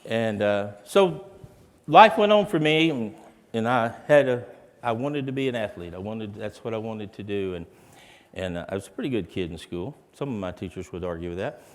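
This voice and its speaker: A man with a lowish, expressive voice speaks at normal speed, sharing an emotional, dramatic motivational testimony with educators. The large hall's long reverb is audible, along with a little hiss or hum.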